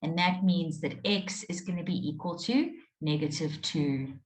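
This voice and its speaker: A woman with a low voice teaches a live online maths class a little slowly, patiently walking through each step and frequently checking in with her students. The recording has a roomy echo.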